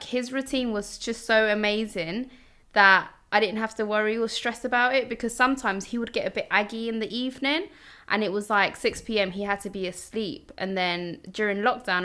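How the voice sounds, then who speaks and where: A woman's voice: medium pitch, a little fast, bright, forceful tone. A woman hosting a podcast, asking her guest questions and sharing her own parenting stories. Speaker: podcast host. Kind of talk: casual interview.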